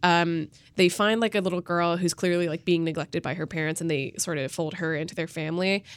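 Lower-voiced woman podcast panelist. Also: fairly even intonation, clean tone, no room sound. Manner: measured, hesitant with "uh" fillers. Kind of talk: casual chat.

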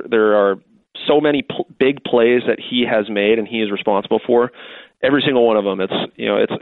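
A man's voice: mid-range voice, dry recording. A man in his thirties from Texas, a football player answering interview questions in a rambling, casual way with many restarts and fillers. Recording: dry, phone-like line.

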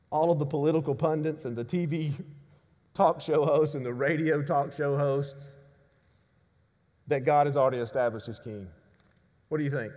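A man preaching a sermon to his congregation. He delivers emphatic declarations, drops to hushed low lines, and often asks the congregation questions. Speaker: pastor. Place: church sanctuary. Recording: reverberant church hall.

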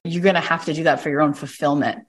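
Woman host-coach, middle-aged, low-ish voice, animated and emphatic when telling stories. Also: quick pace, slightly rough. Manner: animated storyteller, emphatic, uses "like" often. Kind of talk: coaching conversation, storytelling.

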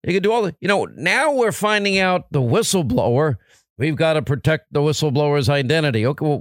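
A man hosting a political talk radio show, punchy and combative with quick asides, on a studio microphone. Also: a little high, no echo.

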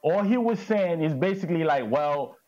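A man's voice: fairly high pitch, lively intonation, normal speed, a little mellow, lo-fi sound. A man testifying as defendant in court, answering in a dismissive, matter-of-fact way.

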